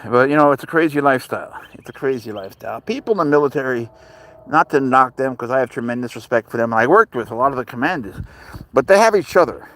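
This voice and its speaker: A man's voice: medium pitch, lively intonation, quick pace, a bit bright. New York-accented man chatting on a livestream. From Spain. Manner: rambling, blunt and profane, greets viewers by name. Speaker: livestream host with pet serval. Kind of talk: casual livestream chat answering viewer comments. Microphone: phone camera.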